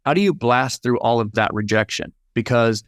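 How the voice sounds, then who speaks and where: A man, an auctioneer guest on a podcast, telling a personal story in an animated way and acting out the dialogue. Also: medium pitch, normal speed, no room sound, studio quality.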